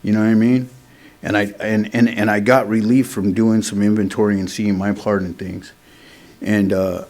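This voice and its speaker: A man's voice: lowish voice, creaky, darkish tone. A middle-aged man, speaking at a recovery meeting in a casual, earnest way, often adding "man" and "you know". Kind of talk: sharing a recovery story at a meeting.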